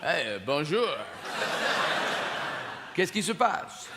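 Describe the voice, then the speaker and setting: A male stand-up comic rambles playfully on stage. His voice sits high and moves a lot. A long theatre reverb and audience noise surround him. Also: expressive, normal speed, a bit bright. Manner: rambling, playful, broken schoolboy French. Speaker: stand-up comedian. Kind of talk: live stand-up comedy. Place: large theatre. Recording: echoey hall, audience noise.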